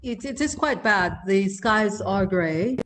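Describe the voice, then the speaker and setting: A woman's voice: mid-range voice, lively intonation, takes it slowly, a bit bright, slight background noise. A woman moderating an online event, introducing speakers in a hesitant way with frequent fillers.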